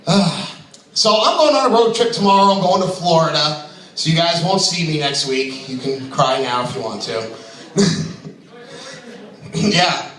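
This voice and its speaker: A brash male stand-up comic with a bright, high voice that swoops up and down as he jokes, chuckling at his own lines. He is picked up from far off in a very echoey club room. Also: lively intonation, moderate pace, long pauses. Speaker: stand-up comedian. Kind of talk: open mic stand-up. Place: comedy club stage.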